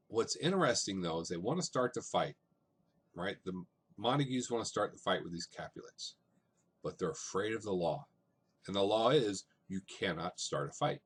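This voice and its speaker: A male teacher walks through a play in a casual lecture, dropping "um"s and checking in with "right?". His voice sits low and a little husky, and he keeps the tone easy and conversational. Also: fairly bright tone.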